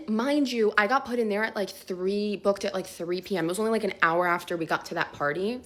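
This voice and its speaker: A young woman telling a casual storytime vlog, chatty and animated, full of filler words, swearing and laughter. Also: medium pitch, brisk, hardly any pauses.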